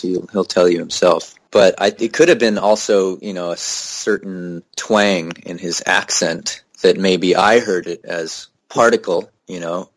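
A young man, a musician guest in an interview, telling stories in a relaxed, easygoing way and laughing easily. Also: sits low. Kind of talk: casual interview conversation.

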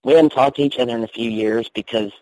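A man with a soft North Carolina Southern accent tells his story in an easy, candid way, laughing now and then. His voice is warm and relaxed, recorded dry and close. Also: mid-range voice, fast, no room sound, poor audio. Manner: chatty, candid, laughs easily. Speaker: guest minister. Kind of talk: storytelling in a radio interview.

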